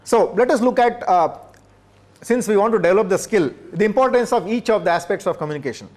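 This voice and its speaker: Middle-aged male professor, higher-pitched voice, measured workshop lecture, hesitant fillers, tag questions to the room. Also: animated, darkish tone. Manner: measured, checks in with "right?" and "okay?".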